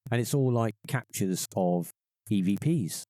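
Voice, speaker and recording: A man's voice: unhurried, dry recording. A middle-aged man, telling a personal story on a podcast and acting out the voices of the people in it. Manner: animated, acts out quoted voices in a higher pitch. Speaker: podcast guest. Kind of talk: casual storytelling.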